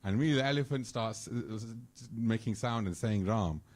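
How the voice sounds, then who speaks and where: A man with a low voice tells devotional stories at a temple gathering. He acts out the characters' lines with lively energy. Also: a little fast. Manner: animated storyteller, acts out dialogue. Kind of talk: storytelling talk. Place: temple hall.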